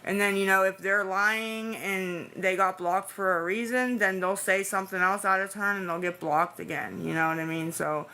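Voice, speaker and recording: A woman's voice: mid-range voice, fairly even intonation, moderate pace, few pauses, bright, forceful tone, slight background noise. Tired, anxious woman livestreaming. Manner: anxious, pleading, rambling with restarts. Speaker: livestreamer talking to chat. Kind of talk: casual live-stream chat.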